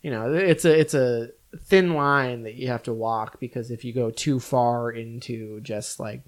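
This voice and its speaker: A man's voice: medium pitch, a little slow. Casual male podcast co-host, loose and rambling, full of "like" fillers. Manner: relaxed, rambling, many "like" fillers. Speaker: podcast co-host reviewing films. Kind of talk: casual chat.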